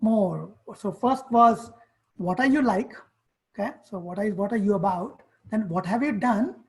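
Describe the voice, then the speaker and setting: A woman's voice: medium pitch, normal speed, a little mellow, low-quality recording. A woman coaching students on college essays in an online workshop, speaking directly and firing off questions and commands.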